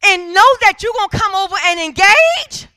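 A woman's voice: very high voice, expressive, moderate pace, bright, forceful tone, dry recording. A woman preaching a sermon in a church, driving her points with repeated calls for agreement from the congregation. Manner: emphatic call-and-response preaching.

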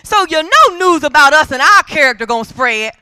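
High-voiced woman preaching with emphatic calls. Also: big pitch swings, brisk, sharp tone, no echo. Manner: emphatic call-and-response preaching. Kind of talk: sermon.

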